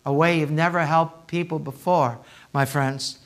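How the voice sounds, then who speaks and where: A male pastor preaching a sermon in a church, swinging from hushed asides to loud, impassioned appeals. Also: fairly high pitch, fairly even intonation, measured pace. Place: church sanctuary.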